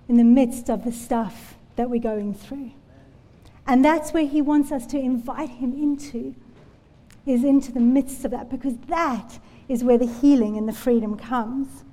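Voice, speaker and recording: A woman's voice: high voice, fairly even intonation, a little slow, dark tone. A woman preaching a sermon in a church, telling Bible stories in an earnest, conversational way. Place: church hall. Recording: long hall reverb.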